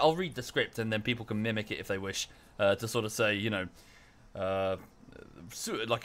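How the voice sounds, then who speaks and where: Bright-toned chatty male streamer. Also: on the low side. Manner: rambling, many fillers and restarts, thanks chat viewers. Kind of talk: casual live-stream chat.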